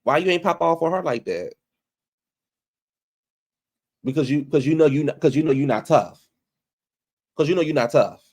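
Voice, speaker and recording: A man's voice: a little high, fairly quick, a little mellow. Man in casual commentary. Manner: repeats phrases for emphasis, addresses people directly with "girl". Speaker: commentary vlogger.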